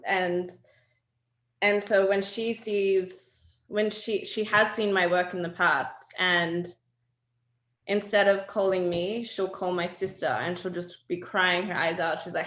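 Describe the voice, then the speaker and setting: A woman, a guest in an interview, telling personal stories in an animated way with frequent laughs and fillers. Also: lowish voice, reverberant. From Australia. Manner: animated storytelling, laughs often, many fillers. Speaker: guest artist. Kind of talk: candid conversational interview.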